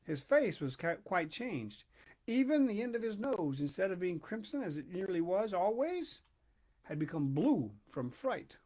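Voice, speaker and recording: A man reading a children's storybook aloud, expressive and dramatic, with hushed pauses. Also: high-pitched. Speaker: narrator.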